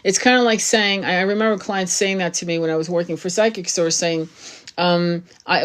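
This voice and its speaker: A woman's voice: on the low side, steady tone, fairly quick, smooth. A woman giving a tarot reading, talking straight to the viewer in a blunt, casual way and swearing freely. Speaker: tarot reader.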